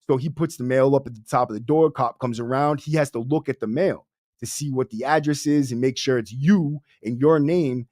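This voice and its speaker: A man's voice: medium pitch, moderate pace, darkish tone, dry recording, studio quality. A young man hosting a podcast, telling a story in a casual, streetwise, profane way, full of "bro". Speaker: podcast host. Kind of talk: casual storytelling to a livestream audience.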